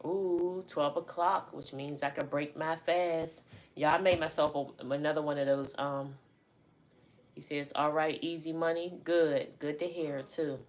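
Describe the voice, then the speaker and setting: A woman's voice: deep voice, fairly even intonation, measured pace, darkish tone. A woman hosting a casual livestream from home, laid-back and chatty with her viewers. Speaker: livestream host. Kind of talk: casual live chat. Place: indoors at home by a window.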